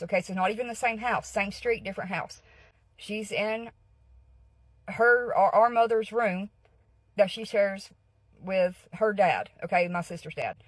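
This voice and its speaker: A woman's voice: mid-range voice, dry recording, rough recording. A woman telling a personal story in a casual, earnest way, often checking in with her listeners. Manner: earnest, keeps checking in with "okay?". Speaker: guest storyteller.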